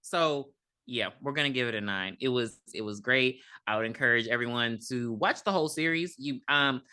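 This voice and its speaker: A podcast co-host recapping a horror movie in casual chat, animated and swearing freely. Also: mid-range voice, normal speed, clean tone.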